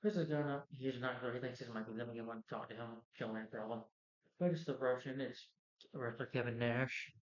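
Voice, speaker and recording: In a roomy, dull lo-fi recording, a man recaps a movie's plot casually, rambling loosely with lots of "you know" and "like." His mid-range voice is brisk and a little mellow, with fairly even intonation.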